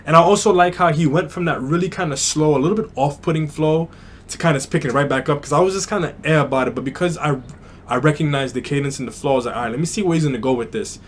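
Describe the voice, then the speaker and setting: A man's voice: on the high side, quick pace. New guy reacting to music, rambly, lots of "like" and "i don't know", faint hiss behind. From New York. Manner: thinks aloud, hedging, many fillers. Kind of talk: casual reaction commentary.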